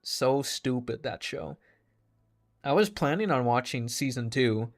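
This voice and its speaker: A man's voice: mid-range voice, animated, measured pace. A man ranting casually to his stream chat, sarcastic, swearing freely, laughing often.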